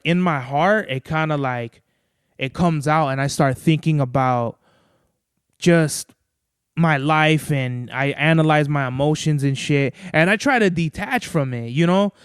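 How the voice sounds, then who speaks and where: A man's voice: a little high, clear, resonant tone, no echo, clean studio sound. A man hosting a podcast, telling a long, rambling story in casual, profane chat. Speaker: podcast host.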